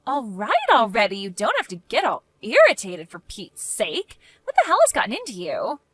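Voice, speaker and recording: A woman's voice: a little high, huge pitch swings, moderate pace, a bit bright, no echo, full character voice. A woman voicing a selfish, defensive woman neighbor who scoffs and bristles in a narrated story. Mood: scoffing. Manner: indignant, scoffing.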